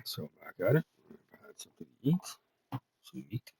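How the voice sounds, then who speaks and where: A man's voice: mid-range voice, very animated, normal speed, creaky, a little hiss or hum. A man talking casually to his stream, cursing heavily and stammering when worked up, then muttering to himself as he works at his computer. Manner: mutters quietly to himself while using the computer. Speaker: streamer working on a worldbuilding project. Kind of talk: casual solo stream talk.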